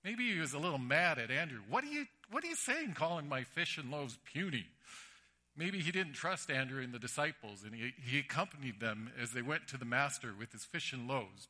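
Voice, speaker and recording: A man preaching a sermon, telling stories animatedly and acting out the voices. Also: medium pitch. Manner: animated storytelling with acted-out voices.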